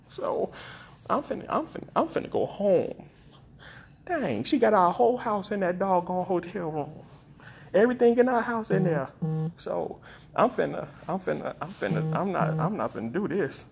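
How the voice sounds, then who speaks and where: A man ranting for laughs on a live stream, complaining dramatically and repeating a flat "nope.". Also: moderate pace, vocal fry, husky. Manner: exaggerated, dramatic complaining with big pitch swings. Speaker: comedic vlogger. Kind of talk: comedic rant on a live stream.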